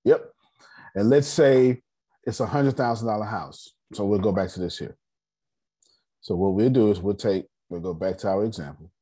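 Husky low-voiced man teaching on a call. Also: moderate pace. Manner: animated, teasing, repeats for emphasis. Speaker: finance class leader. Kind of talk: casual online group lesson. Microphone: video call.

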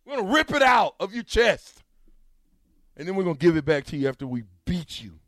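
Animated, mocking sports talk host. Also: male voice, high voice, brisk, dry recording, clean studio sound.

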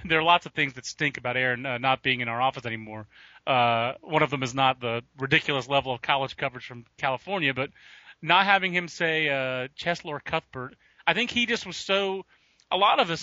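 A man's voice: on the high side, pushed and bright, dry recording. A man co-hosting a casual podcast, talking in a rambling way with many fillers. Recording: dull lo-fi audio.

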